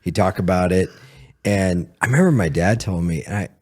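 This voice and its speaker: A man's voice: sits low, a little fast. A man hosting a podcast, telling long, rambling anecdotes with frequent laughs and restarts in casual chat. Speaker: podcast host.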